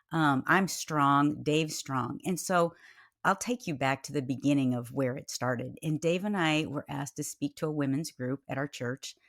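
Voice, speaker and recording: A middle-aged woman guest on a podcast, telling a story in a lively, expressive way and acting out the quoted voices. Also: no room sound, clean studio sound. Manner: expressive, acts out quoted voices with big pitch jumps. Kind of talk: animated storytelling interview.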